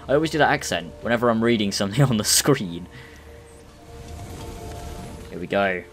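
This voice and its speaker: A young man talks through a video game in a loose, excitable ramble. His voice sits on the low side, with faint game music behind him. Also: moderate pace, long pauses. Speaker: let's play gamer. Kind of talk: casual gameplay commentary.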